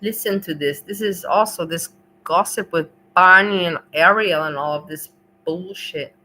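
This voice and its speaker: A woman's voice: fairly low pitch, moderate pace, sharp tone, poor audio. A woman hosting a livestream, chatting casually in a rambling, emotional way and swearing freely. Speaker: livestream host.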